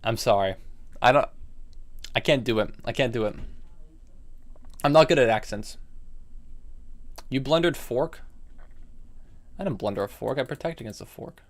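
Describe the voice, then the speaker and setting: A man's voice: mid-range voice, lively intonation, moderate pace, pauses often. A man streaming online chess, chatting casually and thinking aloud about his moves while answering viewers. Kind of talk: casual live-stream game commentary.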